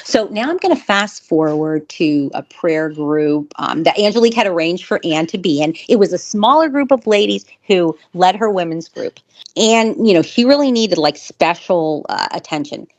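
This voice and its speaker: A woman's voice: on the low side, lively intonation, normal speed, a little mellow. A woman casually telling a true story, chatty, with lots of fillers and restarts.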